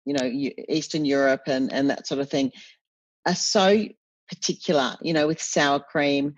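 A woman, an interview guest chatting in an animated storytelling way with frequent self-corrections. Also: low voice, normal speed, no room sound. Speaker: cookbook author guest. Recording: dull, dry podcast audio.

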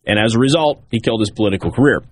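A talk show host delivering political commentary in an emphatic way, hammering key points by repeating them. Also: male voice, on the low side, lively intonation, racing, breathy edge, no echo.

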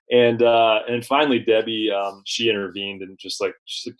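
A man, a journalist guest, recounting an experience in relaxed conversation with frequent fillers and restarts. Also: on the low side, fairly quick, poor audio. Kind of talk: conversational storytelling.

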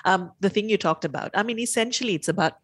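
A woman's voice: medium pitch, fast, no room sound. A woman co-hosting a radio film review show, talking thoughtfully and chatting. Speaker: radio co-host.

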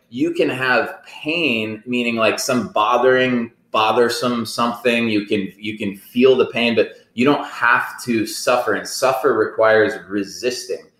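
A man's voice: on the low side, fairly bright tone, echoey room, rough recording. A man co-hosting a podcast, talking in a casual, rambling way and acting out inner voices. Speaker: podcast co-host. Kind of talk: casual conversation.

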